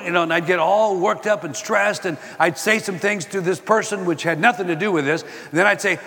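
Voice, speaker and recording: An older man giving a sermon-style talk, telling personal stories and quoting scripture in an animated way. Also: high-pitched, a little fast, hardly any pauses, long reverb tail. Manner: animated storytelling, quoting scripture and acting out exchanges. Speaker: Christian speaker.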